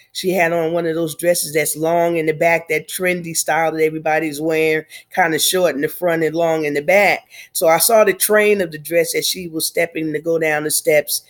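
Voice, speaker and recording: A woman in her fifties, slightly nasal from a cold, speaking haltingly through grief in a personal video diary. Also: sits low. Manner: tearful, halting, reflective. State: congested from a cold. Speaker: vlogger.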